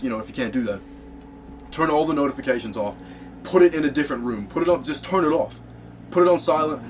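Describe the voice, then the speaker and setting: A young man who makes music, giving blunt, profane advice to the camera in an animated rant from his small home studio. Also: medium pitch, a little hiss or hum. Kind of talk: casual ranting advice to camera.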